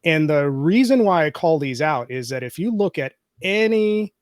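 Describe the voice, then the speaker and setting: A man's voice: a little high, expressive, no room sound. Man explaining data in a dry, close sound. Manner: measured, explanatory, cites data points. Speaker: guest, podcaster. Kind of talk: interview answers.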